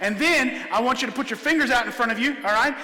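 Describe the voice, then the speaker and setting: A man performing a comedic illusion show for children, jokey and energetic, often checking in with "all right?". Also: very high voice, fast. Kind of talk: comedic stage magic show for kids. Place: large church hall with high ceiling. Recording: echoey hall, live stream.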